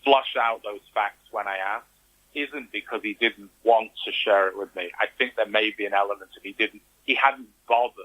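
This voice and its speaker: Animated storytelling man with a husky voice. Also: lowish voice, moderate pace, poor audio. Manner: animated storytelling, acts out quoted reactions. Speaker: interview guest. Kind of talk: conversational interview.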